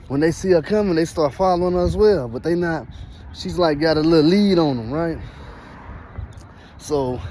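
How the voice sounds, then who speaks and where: A man telling a story in a casual vlog, animated and slangy, laughing often as he talks outdoors. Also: on the high side, a little hiss or hum. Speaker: vlogger.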